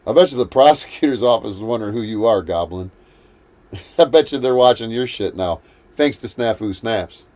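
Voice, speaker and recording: A man's voice: medium pitch, lively intonation, normal speed, a little mellow. A man hosting a livestream, ranting in a heated, profane, combative way. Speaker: livestream host. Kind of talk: livestream rant.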